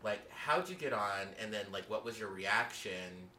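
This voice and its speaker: A man's voice: lowish voice, expressive, normal speed, pushed and bright. A man interviewing a guest on a podcast in a casual, chatty way, laughing easily. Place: festival venue.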